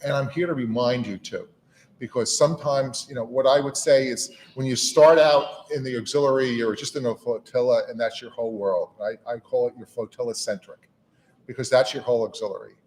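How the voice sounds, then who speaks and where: A middle-aged man speaks to a gathered audience in a relaxed, conversational way. His delivery is folksy, with repeated words and a steady stream of "you know"s. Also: mid-range voice, fairly quick. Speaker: national auxiliary leader giving a speech. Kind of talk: informal speech to a gathering. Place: meeting room with an audience.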